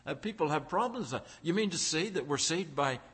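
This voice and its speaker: A preacher delivering a sermon in a high, bright voice. He builds emphasis by stacking repeated phrases and swings into acted-out crowd voices. His delivery is emphatic and forceful. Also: animated, normal speed. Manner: acts out crowd voices in quotes.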